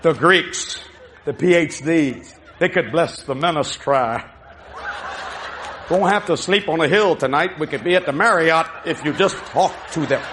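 A man's voice: on the high side, unhurried, a bit bright, slight background noise, pitched below the performer's own voice. A man voicing an anxious male apostle who urgently presses and repeats his questions. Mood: urgent pushy.

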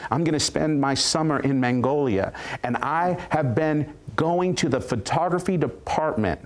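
A male guest preacher telling a story of his ministry with animated, dramatic retelling and quoted voices. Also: a little high, moderate pace. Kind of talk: storytelling testimony.

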